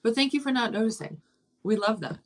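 A woman's voice: on the high side, animated, fairly quick. Woman in her thirties, actress, casual interview, candid and effusive, swears freely. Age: 30s. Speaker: actress and co-producer.

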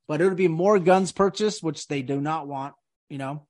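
Male podcast host, high-pitched, emphatic and repetitive, casual chat. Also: normal speed, darkish tone. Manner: emphatic, repeats words and restarts often.

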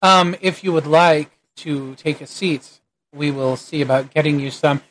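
A man narrating a tabletop game as game master, relaxed, with frequent hesitant fillers. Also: fairly high pitch, a little slow, a little hiss or hum.

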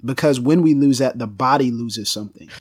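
A man co-hosting a podcast, talking about theology in a direct, candid and animated way. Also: mid-range voice, fairly quick, breathy edge. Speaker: podcast co-host. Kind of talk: theological discussion.

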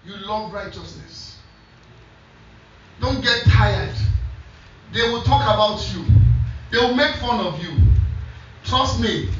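A man's voice: very high voice, animated, slow, pauses often, a bit bright, slight background noise. Preaching man in an echoey hall. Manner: storytelling, repeating scripture back to the congregation. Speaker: pastor. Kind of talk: sermon. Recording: echoey church hall from a distance, dull sound.

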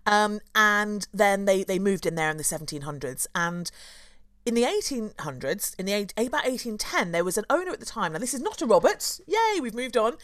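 A woman from London, a tour guide hosting a casual chat, playful and quick to laugh. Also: mid-range voice, big pitch swings, fairly bright tone, no echo, studio quality. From London, England. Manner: chatty, playful, laughs often.

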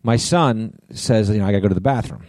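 Middle-aged podcast co-host, male, low mellow voice, rambling profane storyteller, dry close sound. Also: fast, no room sound. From US East Coast. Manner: rambling storyteller, swears a lot. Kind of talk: casual chat.

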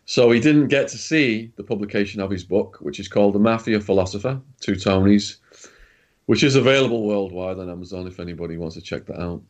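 A man's voice: on the low side, a little fast. A man, a guest, telling casual prison stories in a blunt, swearing way. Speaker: guest, former prisoner and author. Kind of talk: casual storytelling.

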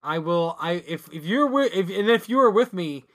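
A man with a high voice co-hosts a casual podcast. He rambles, breaks off mid-thought and starts over. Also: animated, fairly bright tone. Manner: rambling, halting, full of restarts. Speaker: podcast co-host. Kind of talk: casual chat.

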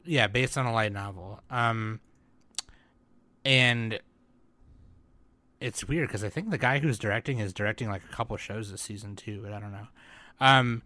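A man's voice: fairly low pitch, moderate pace, pauses often, sharp tone, dry recording. A man co-hosting a casual chat about anime, rambling with lots of fillers and bursts of laughter. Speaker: podcast co-host.

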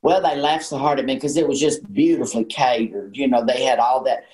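A woman's voice: a bass voice, fairly even intonation, fairly quick, mellow, reverberant, low-quality recording. A woman in her sixties with a Southern American accent, a folksy guest who tells stories and laughs often. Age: 60s. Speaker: guest, actress. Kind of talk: casual chat.

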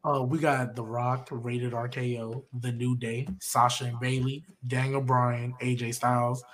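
A man's voice: mid-range voice, flat delivery, a little slow. A man on a casual group podcast, laid-back and repeating phrases as he reads a list and asks for trades. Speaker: podcast co-host.

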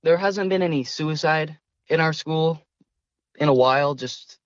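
A man's voice: a little high, measured pace, no room sound. Young guy guest talking earnest and kinda hesitant, a bit muffled lo-fi audio, dry. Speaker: student guest. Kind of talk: conversational interview.

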